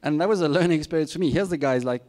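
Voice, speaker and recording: A middle-aged male guest speaker with a fairly high, slightly mellow voice talks rapid-fire. In this informal talk he gives students candid, plain-spoken career advice, peppered with self-deprecating asides.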